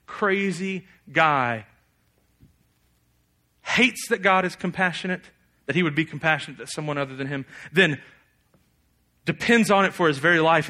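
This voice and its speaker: A young man preaching a sermon, animated, often acting out a figure's angry prayer in a loud raised voice. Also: a little high.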